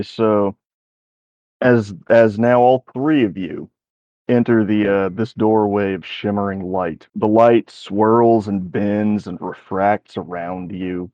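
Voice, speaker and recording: Slow low-voiced man narrating a game. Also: dry recording. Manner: slow, descriptive storytelling. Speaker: game master. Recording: dry, dull sound.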